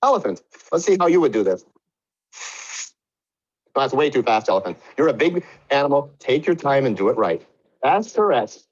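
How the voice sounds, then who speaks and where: A man's voice: mid-range voice, very animated, normal speed, long pauses. A man voicing a pompous factory manager who lectures his workers in a condescending, over-explaining way, on muffled lo-fi audio. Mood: scolding.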